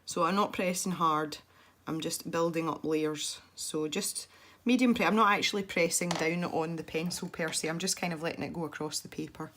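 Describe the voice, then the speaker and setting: A young woman with a congested, stuffy voice, chatting softly as she narrates her colouring. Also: low-pitched, normal speed, few pauses, a little hiss or hum. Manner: soft-spoken, chatty and self-deprecating. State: congested from a head cold. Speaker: colouring video host. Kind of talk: relaxed colouring commentary.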